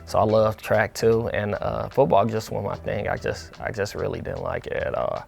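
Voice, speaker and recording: A young man from the St. Louis area, talking casually as an interview guest in a relaxed, colloquial way with many fillers and restarts. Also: lowish voice, normal speed, vocal fry, soft background music. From St. Louis area, USA. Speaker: interview guest, football player.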